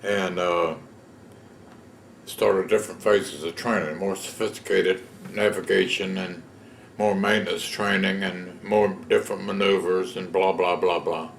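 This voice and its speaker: A man's voice: deep voice, fairly even intonation, a little slow, vocal fry, reverberant, slight background noise. A man, telling his own story in a plain-spoken, folksy way in an oral history interview. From Texas. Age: 70s. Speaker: veteran interviewee.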